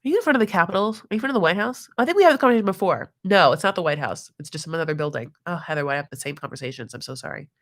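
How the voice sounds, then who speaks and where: A woman's voice: fairly low pitch, expressive, racing, hardly any pauses, a bit bright. A woman hosting a reality TV recap live stream in casual commentary, chatty and giggly, leaning on fillers and calling people honey and my love.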